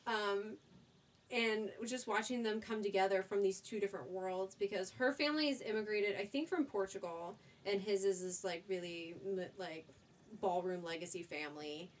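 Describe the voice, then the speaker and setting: An excitable woman chats about her favorite movies with a friend on a podcast. Her voice sits at a middle pitch, and she talks in a loose, chatty way, poking fun at herself as she goes. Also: moderate pace. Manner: enthusiastic, chatty, laughs at herself. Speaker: podcast co-host. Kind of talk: casual chat recommending movies.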